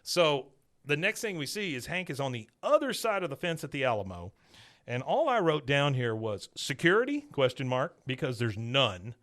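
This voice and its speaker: An animated male podcast host retells a cartoon episode scene by scene, chuckling as he goes. His voice is bright and forward, and his pitch swings widely. The delivery is casual and chatty. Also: moderate pace.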